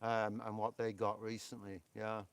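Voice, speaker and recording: A man's voice: lowish voice, completely flat delivery, normal speed, clear, resonant tone, no room sound. A man with a Yorkshire accent co-hosting a live stream, rambling and chatty with lots of fillers. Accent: Yorkshire English. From England.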